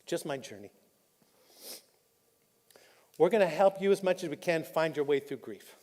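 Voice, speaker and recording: A man pastor, preaching a candid, personal sermon that drops soft and choked up when he is moved. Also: on the high side, animated, normal speed. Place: church auditorium. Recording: live in a reverberant church hall.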